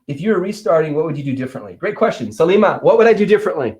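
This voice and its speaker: A man in his thirties hosting a live-stream Q&A from an office, answering chat questions on selling with energetic, playful teasing. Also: on the high side, rapid-fire. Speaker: livestream host and Amazon seller coach.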